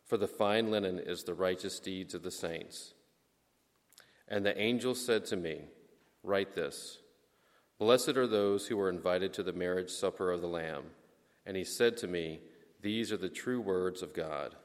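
A man reads scripture to a congregation in a slow, solemn, measured way. His voice sits very low. It carries with the long reverb of a church hall. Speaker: lector.

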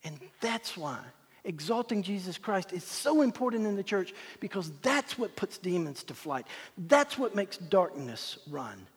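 A man preaching a sermon as pastor, swinging from loud proclamation to hushed whispers. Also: high voice, big pitch swings, a little slow, slightly rough. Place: church sanctuary. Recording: long hall reverb.

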